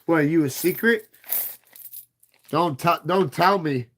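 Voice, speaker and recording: A man's voice: a little high, a little slow, fairly bright tone. A man in his thirties hosting a livestream, chatting casually and profanely with viewers in a rambling, playful way. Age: 30s. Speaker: livestream host.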